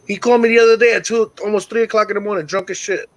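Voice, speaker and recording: A middle-aged man hosting a call-in talk show, telling stories in a casual, profane and animated way. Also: high-pitched, racing, rough recording. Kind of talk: casual storytelling chat.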